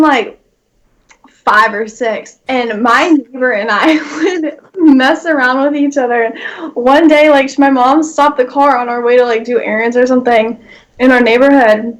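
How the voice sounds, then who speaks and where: High-voiced giggly young woman. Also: a little slow, low-quality recording. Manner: giggly, lots of "like". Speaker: podcast guest. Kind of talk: casual chat.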